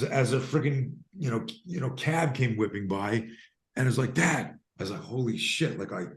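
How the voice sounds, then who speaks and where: A man in his fifties from Canada, telling stories emphatically as a podcast guest and self-defense coach. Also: lowish voice. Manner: emphatic, animated storyteller. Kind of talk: podcast interview storytelling.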